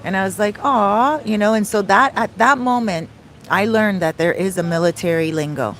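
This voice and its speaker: Brisk and fairly bright, a medium-pitched woman from Canada vlogs into her phone. The travel vlogger and soul coach spins a loose, chatty story, frequently laughing and wandering into tangents.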